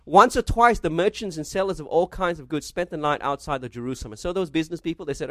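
A man's voice: on the high side, fast, hardly any pauses, a bit bright, no room sound. A man preaching a sermon, reading scripture aloud and asking his listeners rhetorical questions. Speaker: pastor.

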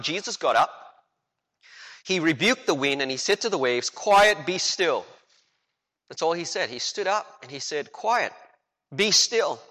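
A man preaching a sermon as a pastor, animated and full of rhetorical questions, acting out the quotes he tells. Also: high-pitched. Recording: long hall reverb.

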